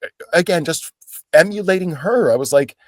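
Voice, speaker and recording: A middle-aged man, a guest actor, spins stories in an animated, playful way, slipping into other people's voices. His pitch sits a little high and swings widely. The sound is dry and close, with no room in it. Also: brisk, no echo. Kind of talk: casual anecdotal storytelling.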